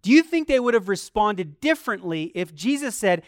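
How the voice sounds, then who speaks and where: A preacher delivering a sermon in a lively way, firing rhetorical questions at the congregation. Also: medium pitch, moderate pace, no room sound, clean studio sound. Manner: acts out quoted complaints in a softer voice.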